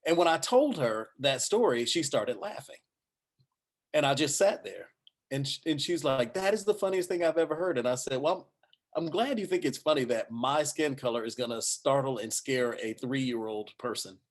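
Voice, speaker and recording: At a panel discussion, a male news anchor with a mid-range voice shares an animated personal anecdote at normal speed. He performs the voices of the people he quotes.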